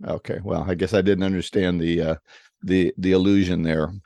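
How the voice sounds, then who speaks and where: A man's voice: deep voice, flat delivery, brisk, gravelly, warm tone, no room sound. A man co-hosting a casual talk on selling, telling anecdotes with restarts and acted-out voices. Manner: storytelling, acts out voices in anecdotes; frequent restarts and repeated words. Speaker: podcast co-host.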